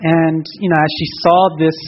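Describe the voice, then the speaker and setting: A man giving a consecutive interpretation of a sermon, retelling it in a relaxed way and lightly acting out the quotes. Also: a little high, moderate pace, lo-fi sound, a little hiss or hum.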